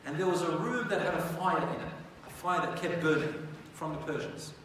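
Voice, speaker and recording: A male religious teacher tells history in a loose, conversational way and keeps turning to his audience with questions. His voice sits somewhat high for a man. It is picked up from far off in a big hall with a long echo and faint background hiss. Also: moderate pace, a bit bright. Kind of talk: storytelling lecture.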